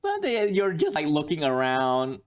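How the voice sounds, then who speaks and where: A man's voice: a little high, huge pitch swings, normal speed. Rambling man running a tabletop game. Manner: rambling, many fillers and restarts, chuckles. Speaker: game master.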